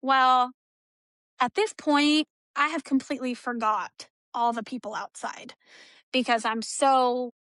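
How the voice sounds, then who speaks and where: Female interview guest from Texas, high and bright, retells a hard personal story and voices the other people in it. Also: fairly even intonation, slow, smooth, no echo. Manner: storytelling, acts out quoted dialogue. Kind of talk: emotional personal account.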